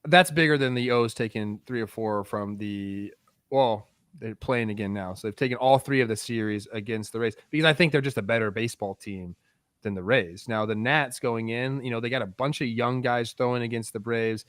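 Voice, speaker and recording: A man's voice: medium pitch, moderate pace, fairly bright tone, dry recording, studio quality. Laid-back male co-host of a sports show. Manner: laid-back, uses "like" a lot. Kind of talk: casual sports talk.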